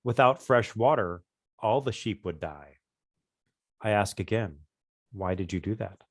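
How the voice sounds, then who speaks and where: A man voicing a solemn female nature goddess who speaks through animals, with slow, grave, measured questioning. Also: lowish voice, expressive, dry recording, clean studio sound.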